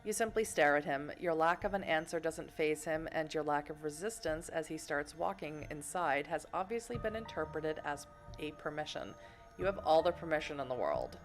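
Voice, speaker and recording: A woman's voice: low voice, animated, moderate pace, faint music behind. A woman from Boston, streaming a video game, reads the story text aloud with playful, giggly asides to chat. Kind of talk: reading game text and chatting on a livestream.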